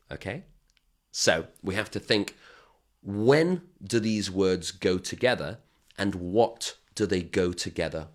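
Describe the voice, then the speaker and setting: A man with a low, deep voice gives a recorded grammar lesson. His pitch rises and falls a lot as he explains step by step. He keeps checking in with the viewer in a patient way. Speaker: English teacher.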